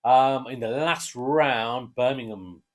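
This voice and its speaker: A man with an English accent casually chatting through football match predictions, relaxed and hesitant with fillers. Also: mid-range voice, slow pace. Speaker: co-host giving match predictions. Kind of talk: casual chat.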